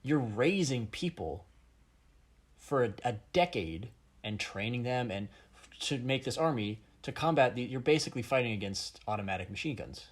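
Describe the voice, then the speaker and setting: A man's voice: mid-range voice, animated, moderate pace. A man co-hosting a podcast, casual chat with a dry, teasing manner, recorded over the phone. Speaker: podcast co-host. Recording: phone call audio.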